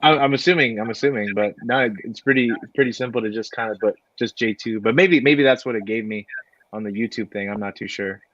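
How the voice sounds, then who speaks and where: A man, a guest wrestler, telling stories in a relaxed way, with lots of fillers and laughter. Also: mid-range voice, fairly quick, no room sound. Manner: laid-back, many fillers, laughs while telling stories. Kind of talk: casual storytelling. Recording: dry, dull lo-fi audio.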